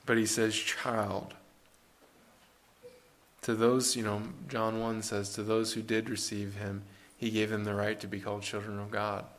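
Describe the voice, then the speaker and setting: A man's voice: lowish voice, completely flat delivery, normal speed, few pauses. A man preaching a sermon in an earnest, conversational way, with rhetorical questions and frequent restarts.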